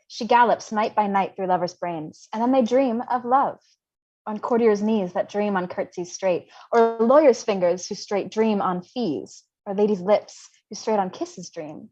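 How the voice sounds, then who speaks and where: A woman's voice: mid-range voice, a little mellow, dull audio, lightly acted. Mercutio, mocking young man, read by a woman. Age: young adult. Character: witty, mocking young male friend Mercutio. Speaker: volunteer reader. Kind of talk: unrehearsed livestream Shakespeare reading.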